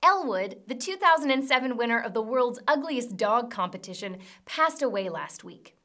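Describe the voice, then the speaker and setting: Lively-voiced woman hosting dry comedy news. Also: on the high side, normal speed. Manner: dry, sarcastic delivery with blunt jokes. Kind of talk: deadpan comedic news roundup.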